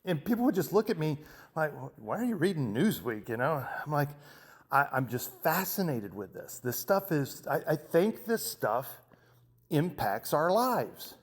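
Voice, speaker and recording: A man in his fifties delivers an emphatic commentary monologue as host. His voice sits a little high for a man. He often trips over his words and starts his sentences again. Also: very animated, a little slow. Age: 50s. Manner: impassioned, emphatic, restarts often. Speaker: show host.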